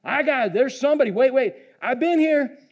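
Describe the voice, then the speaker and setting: A man preaching a sermon, animated, swinging from hushed lines to shouting and joking with the congregation. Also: very high voice, moderate pace, highs cut off. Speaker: pastor.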